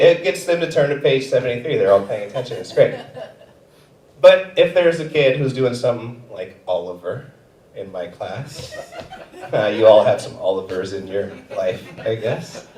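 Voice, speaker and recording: A man's voice: mid-range voice, sing-song, moderate pace, a little mellow. A young man doing stand-up comedy, telling stories animatedly and jumping into voices. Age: young adult. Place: comedy theater stage. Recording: roomy theater sound from a distant mic.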